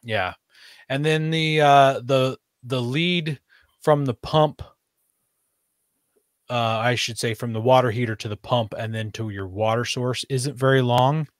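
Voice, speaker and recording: A man's voice: medium pitch, measured pace, no echo, clean studio sound. A man chatting casually on a podcast, rambling with fillers and restarts. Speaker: podcast host. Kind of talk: casual chat.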